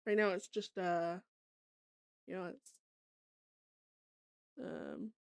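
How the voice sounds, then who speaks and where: A woman's voice: lowish voice, fairly even intonation, very slow, clear, resonant tone, no room sound, studio quality. A young woman from Canada chatting casually with her stream viewers, laughing often and swearing freely.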